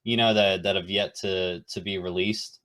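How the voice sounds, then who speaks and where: A man's voice: low-pitched, fairly even intonation, moderate pace, fairly bright tone. A man in casual chat, laid-back, swearing freely and saying "dude" and "you know" a lot. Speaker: podcast co-host.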